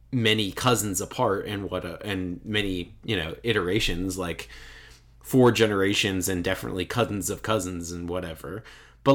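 A man in his thirties with a lowish voice spins a loose, rambling story for a co-host. He talks casually and keeps circling back with fillers and restarts. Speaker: podcast co-host.

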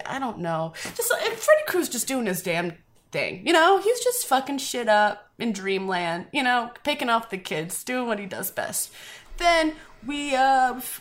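A young woman casually recapping a film plot, giggling, rambling and swearing freely as she goes. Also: a little high. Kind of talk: casual chat.

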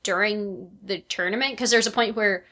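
A woman co-hosting a podcast and chatting casually about a film, retelling scenes in an animated, giggly way. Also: mid-range voice, moderate pace. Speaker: podcast co-host.

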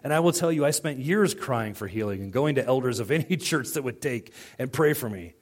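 A man's voice: mid-range voice, animated, fairly quick. A middle-aged male pastor preaching a sermon in a conversational way, telling personal stories and acting out quoted dialogue.

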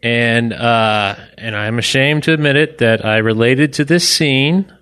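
A man's voice: mid-range voice, measured pace, a bit bright, clear, resonant tone. A man from Orlando telling a personal story on stage to a live audience, chatty and self-deprecating, with apologetic asides. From Orlando, Florida. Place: live stage event in a bar venue.

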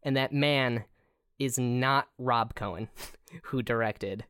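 Woman, podcast co-host, extremely low voice, relaxed chat, dry close mic. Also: takes it slowly, clear, resonant tone, no room sound. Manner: relaxed, easy agreement, quiet laughs. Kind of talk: casual movie-review chat.

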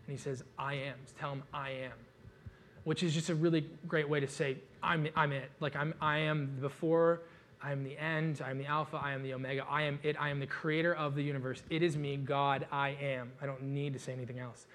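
A man preaching a conversational sermon, casual and animated, with joking asides and frequent fillers. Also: on the high side, a little fast. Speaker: pastor.

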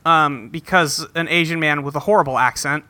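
A man's voice: on the high side, a little fast, bright, forceful tone. A man co-hosting a casual podcast, recapping a cartoon episode with jokes and frequent fillers. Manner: joking, hedges with fillers like um and anyway. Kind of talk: casual chat.

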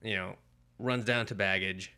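A man's voice: sits low, steady tone, moderate pace, sharp tone, clean tone. A man co-hosting a podcast, chatting casually and retelling a comic's plot in a rambling, profane way full of filler words. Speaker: podcast co-host. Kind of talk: casual chat reviewing comics.

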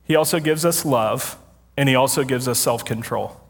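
A man's voice: medium pitch, normal speed, husky. A man preaching a sermon as a pastor, telling a story in a casual, self-deprecating way and laughing often. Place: church sanctuary with congregation. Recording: long hall reverb.

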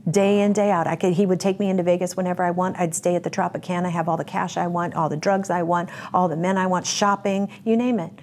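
A woman's voice: fairly low pitch, fairly even intonation, quick pace, hardly any pauses, a little mellow, a little hiss or hum. A woman giving a candid interview, telling her story bluntly and vividly. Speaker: interview guest.

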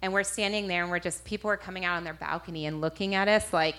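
A woman's voice: on the low side, steady tone, quick pace, fairly bright tone. A woman minister giving a personal testimony to an audience, storytelling animatedly with frequent self-corrections. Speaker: street minister.

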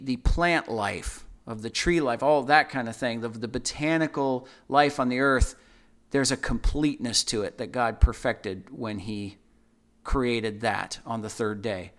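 A man co-hosting a Bible discussion, teaching in an earnest, conversational way and often repeating his phrases. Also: mid-range voice. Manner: earnest, repeats phrases, acts out everyday quotes. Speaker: Bible study co-host.

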